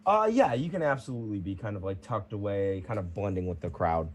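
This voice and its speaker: A man narrating as game master of a tabletop role-playing game, in a relaxed way. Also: lowish voice, fairly quick.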